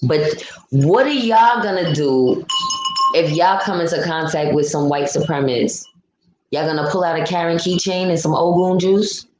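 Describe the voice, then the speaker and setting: A woman's voice: on the low side, normal speed, a little mellow, reverberant, rough recording. A woman hosting a casual livestream, ranting bluntly and reading out chat comments. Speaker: livestream host. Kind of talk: casual live-stream commentary.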